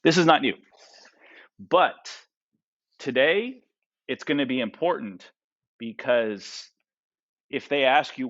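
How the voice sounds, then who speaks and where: A man's voice: medium pitch, expressive, slow, long pauses, a bit bright. Guy teaching math in a classroom, keeps going "right? okay?", kinda muffled lo-fi recording. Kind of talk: classroom lecture.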